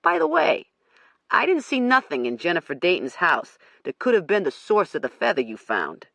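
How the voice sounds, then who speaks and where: A reader doing a blunt, gruff cop. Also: male voice, high voice, huge pitch swings, normal speed, bright, forceful tone, dry recording, exaggerated voice. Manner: blunt, clipped questions. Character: gruff male police detective, blunt.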